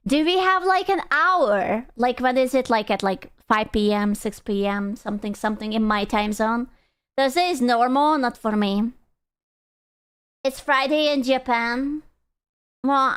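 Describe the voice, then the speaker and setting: A woman's voice: high voice, smooth. A woman streamer chatting casually with her live chat, playful and joking, swearing freely.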